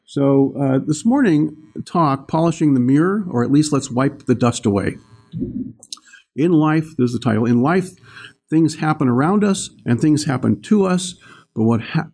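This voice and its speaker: Older guy, gravelly mellow voice, chatty spiritual talk w stories. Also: mid-range voice. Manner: rambling, warm storytelling with laughs. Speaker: spiritual teacher. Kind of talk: morning talk.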